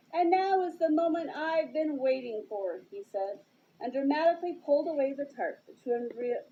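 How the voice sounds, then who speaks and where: A woman's voice: on the high side, slight background noise. A woman reading a children's novelization aloud with expression, with occasional slips and restarts. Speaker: reader. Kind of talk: storybook read-aloud narration. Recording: dull lo-fi with loud music.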